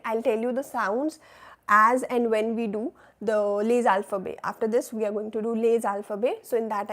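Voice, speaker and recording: A woman teaching a live beginner French class, patiently repeating phrases for learners to echo and checking in with "right?" and "oui?". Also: a little high. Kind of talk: live online language class.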